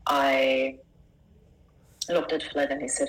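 A middle-aged woman with a very low, gravelly voice full of fry. She recounts a personal story as an interview guest, earnest and emotional. She often breaks off and restarts her sentences. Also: level tone, moderate pace, fairly bright tone, low-quality recording. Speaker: life coach, guest.

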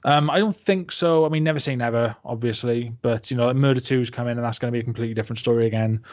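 A man's voice: medium pitch, rapid-fire, a little mellow. A man speaking as a guest in a casual interview, rambling with lots of fillers and swearing freely. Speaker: interview guest, comics creator. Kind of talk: casual podcast chat. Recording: dull lo-fi, dry.

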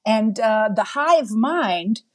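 A woman's voice: a little high, animated, slow pace. A woman speaking as a guest in a conversational interview, earnest and emphatic.

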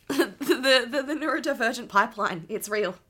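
A woman's voice: fairly high pitch, expressive, normal speed, bright, forceful tone. A woman, co-hosting a podcast and reacting expressively, often laughing and swearing. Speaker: podcast co-host. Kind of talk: casual chat.

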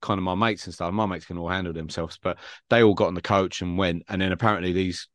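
A low-pitched man rambles through football fan stories in casual podcast chat. His voice sounds dry and close, with no room around it. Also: fairly even intonation, quick pace, no room sound. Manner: rambling anecdotal storytelling. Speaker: podcast co-host.

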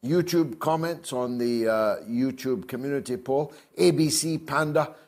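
A man's voice: mid-range voice, measured pace, a little mellow. An older man hosting a call-in show, combative and mocking, reading viewer comments aloud. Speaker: host. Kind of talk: opinionated call-in show talk.

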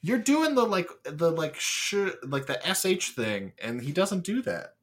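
A man's voice: on the high side, huge pitch swings, fairly bright tone. Teasing, laughing male podcast producer. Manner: teasing, laughs often, quick comebacks. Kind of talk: casual comedy podcast banter.

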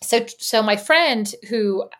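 Chatty woman with a higher voice. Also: animated, slow pace, fairly bright tone. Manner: chatty storyteller with lots of fillers and asides. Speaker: podcast co-host. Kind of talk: casual chat. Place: lives in Indiana.

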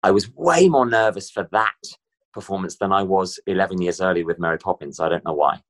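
Very deep-voiced man, chatty. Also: a little fast. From Britain. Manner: chatty, animated storyteller. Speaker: guest performer. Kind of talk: casual interview chat.

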